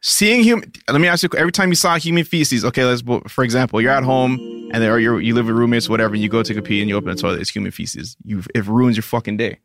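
Dude joking around on a podcast, laughs a lot, faint music in back. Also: male voice, medium pitch, fast, hardly any pauses, a bit bright. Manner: laughs often, riffs on bits, swearing. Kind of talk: casual podcast chat.

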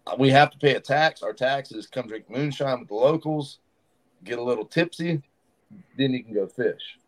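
A man's voice: medium pitch, normal speed. A man in a podcast studio spins yarns about backcountry fishing, slipping into the voices of the people he meets along the way. His tone is casual and his talk rambles like easy chat. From Southern United States. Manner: animated storyteller who acts out quoted locals. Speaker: fishing guide.

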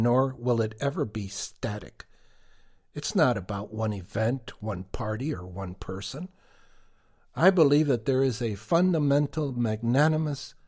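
A man co-hosting a podcast, giving prepared commentary in a deliberate, emphatic way. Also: medium pitch, a little mellow, slightly rough. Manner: slow, deliberate, emphatic delivery. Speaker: podcast co-host.

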